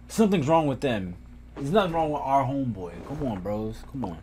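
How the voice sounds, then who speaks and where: A man's voice: mid-range voice, lively intonation, brisk, mellow, a little hiss or hum. A young man giving casual, joking let's-play commentary full of "bro" slang, recorded on a desk mic at home. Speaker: gaming YouTuber.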